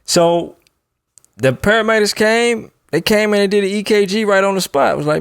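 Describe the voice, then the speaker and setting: Laughing, animated man telling a story. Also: high-pitched, moderate pace, gravelly, clean tone, no room sound. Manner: animated, laughs often, acts out quoted voices. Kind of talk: casual storytelling.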